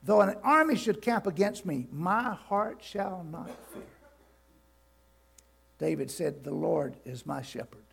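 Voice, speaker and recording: An older man preaching a sermon to his congregation, swinging from quiet to loud and calling out questions for them to answer. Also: sits high, animated, slow pace, creaky, long pauses, breathy edge. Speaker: pastor. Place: church sanctuary.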